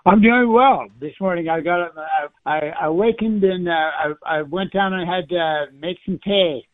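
A man's voice: high voice, normal speed, no room sound. Older Californian-accented man, chuckling, rambling phone guest; thin phone sound. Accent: Californian American. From Ireland. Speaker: musician guest. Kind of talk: phone interview. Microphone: phone line. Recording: dry tinny phone line.

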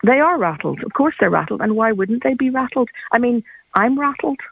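Gravelly Northern Irish woman on a phone line. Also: on the high side, animated, fairly quick. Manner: passionate, emphatic. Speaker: caller. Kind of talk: radio phone-in call.

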